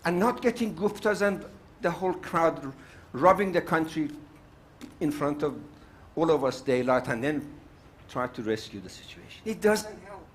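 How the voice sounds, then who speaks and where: A man's voice: a little high, animated, moderate pace. An older man from South Africa speaking at a summit panel, outspoken and emphatic, repeating his points for force. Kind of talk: impassioned summit speech.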